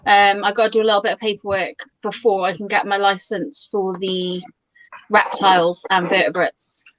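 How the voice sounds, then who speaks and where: A woman's voice: mid-range voice, flat delivery, moderate pace, a bit bright, no room sound. A woman chatting on a video call, telling stories with lots of fillers and restarts. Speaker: guest on a chat stream. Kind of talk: casual group chat. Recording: dull lo-fi video call audio.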